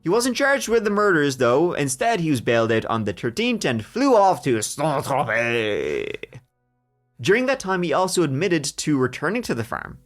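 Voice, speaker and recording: A man hosting a true crime podcast, telling the story in a lively way with jokes along the way. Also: a little high, moderate pace, faint music behind. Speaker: podcast host.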